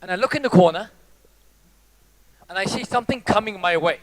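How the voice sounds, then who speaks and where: A man's voice: high voice, brisk, a little hiss or hum. A man giving a live motivational talk to an audience, telling stories in a playful, theatrical way and speaking straight to the crowd. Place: stage before a live audience.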